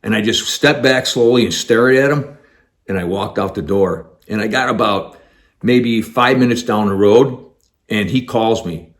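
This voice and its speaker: A man, an actor, telling a personal story in an animated way, acting out the dialogue as he goes. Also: on the low side, a little slow.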